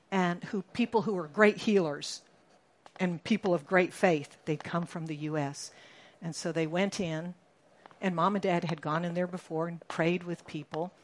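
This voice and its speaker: A woman preaching a sermon to her congregation. She speaks in a somewhat low voice. She is animated and breaks into sudden loud shouts to drive her points home. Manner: animated, rising to shouts for emphasis.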